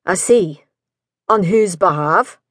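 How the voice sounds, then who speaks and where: A woman doing a gruff Scottish detective boss. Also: on the low side, fairly bright tone, dry recording, studio quality. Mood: dismissive. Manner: blunt, dismissive, measured. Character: gruff, skeptical male Scottish detective chief.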